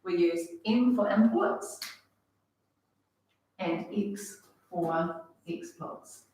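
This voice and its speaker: A woman's voice: lowish voice, drawn-out words, warm tone, recorded from a distance. New woman teaching in an echoey room. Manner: casual, chatty explaining with fillers. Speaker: economics teacher. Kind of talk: classroom lecture.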